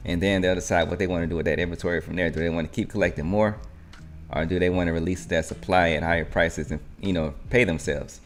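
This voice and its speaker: A man's voice: sits low, steady tone, quick pace, soft background music. A man hosting a live trading stream, narrating market moves in a rambling, think-aloud way.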